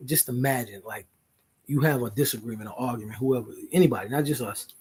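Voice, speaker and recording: Husky man, earnest podcast talk. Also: medium pitch, fast talker, a little mellow. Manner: earnest, interrupts and apologizes, swears freely. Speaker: podcast co-host. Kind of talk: casual couple chat.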